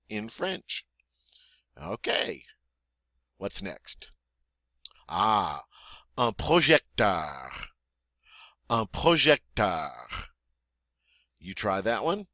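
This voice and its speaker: A man teaching French vocabulary, modeling each word slowly and deliberately, then pausing for the listener to repeat, in a friendly, encouraging teacher's tone. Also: on the low side, big pitch swings, pushed and bright, no echo. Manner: slow, deliberate model pronunciation with pauses for repeating. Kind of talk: vocabulary lesson for learners.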